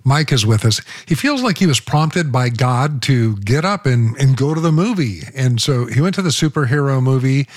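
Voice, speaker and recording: A man's voice: medium pitch, lively intonation, normal speed, hardly any pauses, no echo, clean studio sound. Earnest man hosting Christian radio. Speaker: radio host. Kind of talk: Christian radio talk and station promo. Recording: music bed behind voice.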